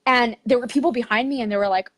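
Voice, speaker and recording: A woman guest in an interview, telling her travel story in a chatty, expressive way with lots of "like". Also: fairly high pitch, fast, dry recording. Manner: chatty, heavy use of "like", expressive retelling.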